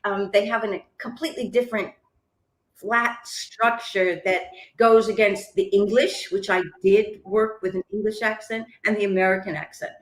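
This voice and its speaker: A chatty woman guest tells her story in a loose, self-deprecating way, laughing along as she goes. Her voice sits at an ordinary middle pitch, and the room around her rings with a noticeable echo. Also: fairly even intonation, normal speed. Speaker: singer-songwriter and author, guest. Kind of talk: casual interview chat. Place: lives in Melbourne.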